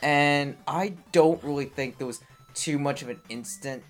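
A woman's voice: low voice, measured pace, faint music behind. A woman co-hosting a podcast in casual chat, laid-back and saying "like" often. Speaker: podcast co-host.

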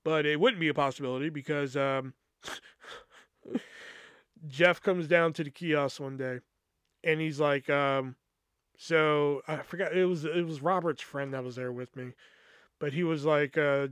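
A man in a slightly high voice tells a long personal story on his podcast. He rambles and swears freely, with lots of fillers. His voice is smooth and clear, recorded close and dry. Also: fairly even intonation, measured pace, pauses often, fairly bright tone, no echo. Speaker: podcast host. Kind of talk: casual storytelling.

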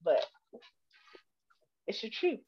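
A teenage girl on a family podcast, chatting casually and acting out her father's shouting. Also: takes it slowly, dull audio. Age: teens. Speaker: daughter guest. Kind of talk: casual chat.

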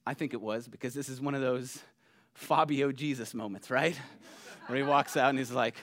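A pastor preaching a sermon in a conversational, animated way, often checking in with the listeners. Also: male voice, medium pitch, normal speed. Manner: conversational, animated, keeps asking "right?".

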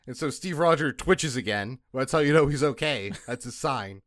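A man's voice: mid-range voice, normal speed, hardly any pauses, a bit bright, dry recording, clean studio sound. A man casually retelling a movie's story for a review podcast, laughing often and acting out lines. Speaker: podcast co-host.

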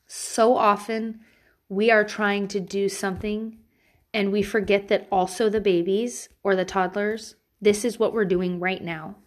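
A woman's voice: medium pitch, level tone, unhurried. A woman in her thirties, a mother telling personal stories and giving candid parenting advice in a casual way, swearing freely.

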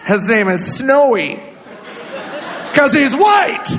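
A man's voice: extremely high pitch, very animated, takes it slowly, fairly bright tone, voice pushed up, exaggerated voice. A comedian voicing his eager, chirpy mother in a sing-song Minnesota accent. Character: chirpy Minnesota mom, eager about her cat. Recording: live club, echoey hall, crowd laughter.

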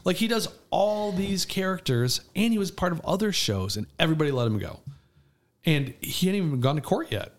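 A man's voice: high-pitched, fairly quick. A man chatting casually as a podcast co-host, telling stories animatedly with fillers and restarts. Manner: animated storytelling, trails off with fillers. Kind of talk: casual chat.

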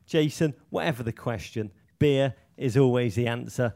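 A man's voice: medium pitch, moderate pace, gravelly, darkish tone, no room sound, studio quality. A British man co-hosting a comic podcast, talking in grandiose, theatrical phrases. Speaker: podcast co-host.

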